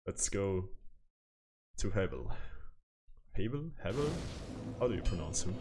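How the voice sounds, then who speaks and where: A man's voice: low voice, lively intonation, normal speed, background noise. A man streaming a video game, muttering casual commentary to himself, laughing often and gasping when startled.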